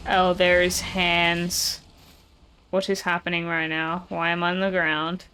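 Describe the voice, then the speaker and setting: A woman's voice: lowish voice, flat delivery, measured pace, a little hiss or hum, poor audio. Chatty woman streamer reacting to gameplay. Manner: chatty, reacting out loud to the game and laughing easily. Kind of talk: casual gameplay commentary.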